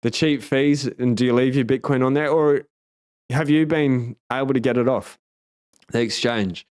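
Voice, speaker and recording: A man's voice: mid-range voice, normal speed, darkish tone, clean tone. A man with an Australian accent hosting a casual livestream, chatting and reacting to viewer comments in a blunt, heavily profane, emphatic way. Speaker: livestream host.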